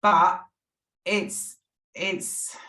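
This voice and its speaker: A woman's voice: on the low side, steady tone, drawn-out words, bright, forceful tone. A middle-aged woman, a podcast guest telling her recovery story in an earnest, emotional way. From England. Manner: earnest, emotional, frequent restarts. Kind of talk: candid personal recovery story. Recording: echoey room.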